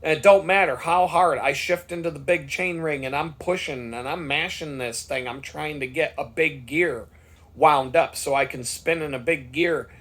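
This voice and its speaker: A man's voice: a little high, moderate pace, fairly bright tone. A man vlogger telling a story in a casual monologue, worked up and swearing freely.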